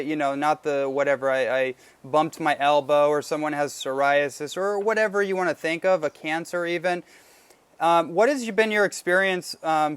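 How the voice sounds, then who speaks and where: A man's voice: fairly high pitch, a bit bright, smooth, no room sound. A man hosting a podcast interview, asking questions with hesitant, searching phrasing. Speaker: podcast host.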